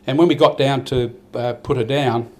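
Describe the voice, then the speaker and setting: A man's voice: medium pitch, steady tone, moderate pace, a little mellow. An older Australian man giving a rambling, heartfelt speech at a farmers' awards night, with many restarts. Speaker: event organiser giving a speech. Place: event hall.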